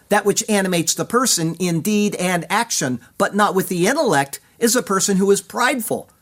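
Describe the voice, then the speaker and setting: A male preacher gives scripted Bible commentary in a high voice. He speaks in an earnest, measured way. He stresses key words as he goes. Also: fairly bright tone.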